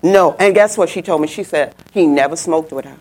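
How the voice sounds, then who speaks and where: A middle-aged woman preaching a sermon, telling a personal story and swooping up high when she quotes people. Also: fairly quick, a little mellow, slightly rough.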